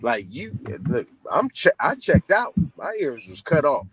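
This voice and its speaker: A man's voice: a little high, measured pace, husky, no room sound, rough recording. A man from California speaking emphatically as a panelist on a heated live-stream debate, acting out what others said. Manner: emphatic, animated, mimics others.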